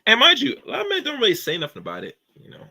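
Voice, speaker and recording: Bright-voiced man rambling commentary. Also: very high voice, wildly swooping pitch, rapid-fire, gravelly, slight background noise. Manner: rambling, preachy, filler-heavy delivery. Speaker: commentary channel host. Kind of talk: casual opinion commentary.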